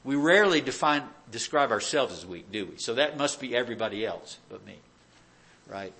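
A man's voice: mid-range voice, animated, a little fast, a bit bright, breathy edge. A man preaching a verse-by-verse sermon in a conversational way, with rhetorical questions and dry sarcastic asides. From United States. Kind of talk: expository sermon.

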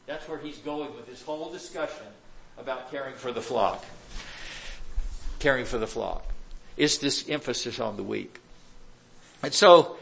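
A man's voice: medium pitch, unhurried, vocal fry, long pauses, a bit bright, slight background noise. A man preaching a verse-by-verse sermon in a conversational way, with rhetorical questions and dry sarcastic asides. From United States. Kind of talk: expository sermon.

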